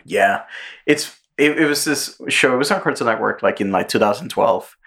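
A man co-hosting a podcast in casual chat, telling stories with high-pitched character voices. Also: normal speed, creaky. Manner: animated storyteller, jumps into high voices for cartoon characters. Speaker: podcast co-host.

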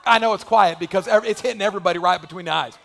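A male pastor delivering an impassioned sermon to a church congregation, joking one moment and shouting the next. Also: sits high, very fast, vocal fry. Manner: impassioned preaching that builds to shouting. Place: church sanctuary.

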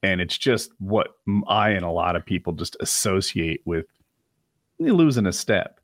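A man's voice: low-pitched, animated, a little slow, no room sound, studio quality. A man chatting casually on a podcast, talking plainly and swearing freely.

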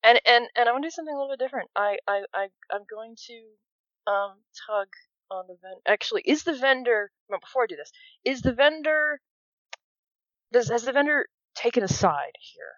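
A woman playing a tabletop game, describing her character's moves with halting restarts and frequent laughter. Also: a little high, lively intonation, fairly bright tone, no echo. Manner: giggly, halting, stammering. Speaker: player. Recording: slightly dull, dry sound.

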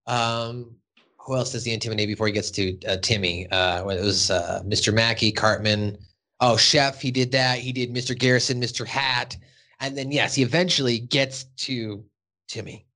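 A man's voice: mid-range voice, fairly even intonation, normal speed, pushed and bright. A male podcast host recapping a cartoon episode in loose, casual chat. He rambles, restarts, and drops fillers and the occasional curse word.

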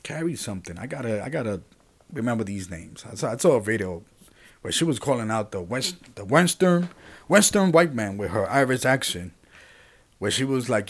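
A podcast host with a mid-range, slightly rough, sing-song voice talks at a normal pace. His monologue is casual, animated and rambling, with frequent restarted sentences and remarks aimed at his listeners.

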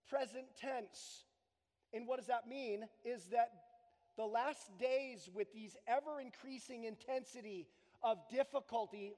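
A man preaching a sermon as pastor in a church, earnest and emphatic, speeding up and slowing down. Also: extremely high pitch, darkish tone. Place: church sanctuary. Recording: long hall reverb.

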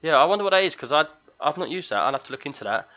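A man in his thirties, a regular on the show, chats casually and tells stories animatedly, acting out the screams. His voice is on the high side and rapid-fire, with lo-fi sound.

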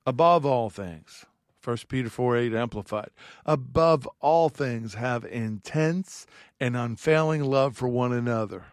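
A man with an ordinary mid-pitched voice teaches from the Bible at an unhurried pace, earnest and heartfelt, reading scripture aloud between his own reflections. The recording is close and dry, with no room sound or echo.

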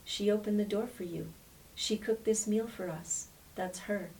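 A woman reading as a calm, devoted husband. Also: mid-range voice, measured pace, close to an everyday voice. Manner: calm, matter-of-fact. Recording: distant mic with faint hiss.

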